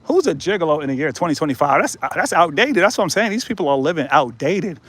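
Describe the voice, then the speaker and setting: A man streaming live from a mountain path, talking casually into his phone. His voice sits high for a man. He jokes, teases and riffs with his viewers in an easy, playful flow. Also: very animated, fast, fairly bright tone, husky. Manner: joking, playful, riffs with chat and laughs often. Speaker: livestream host. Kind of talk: casual livestream chat while walking. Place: outdoors on a mountain trail, then a tunnel.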